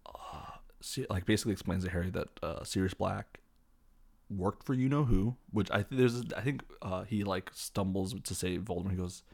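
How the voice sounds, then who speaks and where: A man's voice: low-pitched, normal speed, creaky, darkish tone, slightly rough. A man hosting a podcast, casually retelling a film from memory in a rambling way, full of fillers and self-corrections. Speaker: podcast host.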